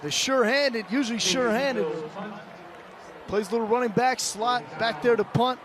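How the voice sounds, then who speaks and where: High-pitched play-by-play man over crowd. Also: normal speed. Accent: Michigan. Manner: rising to excited calls on big plays. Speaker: play-by-play announcer. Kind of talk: live football play-by-play. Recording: broadcast booth over loud stadium crowd.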